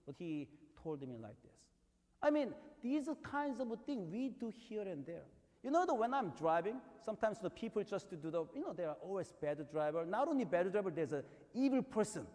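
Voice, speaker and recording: A man's voice: sits high, big pitch swings, brisk, darkish tone. Man preaching with a Korean accent in a reverberant hall. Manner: conversational storytelling with rising emphatic peaks. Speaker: pastor. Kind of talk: sermon.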